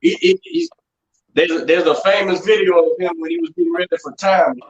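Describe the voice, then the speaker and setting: A man's voice: high voice, sing-song, a little fast. A man who works as a strength and conditioning coach, talking in casual podcast chat and telling blunt, profane stories about the gym. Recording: echoey, dull remote call audio.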